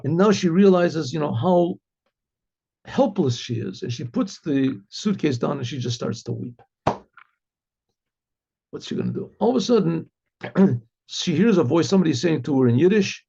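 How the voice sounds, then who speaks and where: A man telling a story as a rabbi, animated and acting out the figures' voices, often clearing his throat. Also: fairly high pitch, moderate pace, long pauses. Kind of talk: storytelling narration. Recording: dull lo-fi recording.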